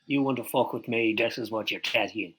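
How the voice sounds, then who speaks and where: Brash sweary guy playing his character, bright punchy voice. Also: on the low side, a little fast, slight background noise, poor audio. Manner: brash, profane and combative. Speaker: player. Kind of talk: playing a character in a tabletop game.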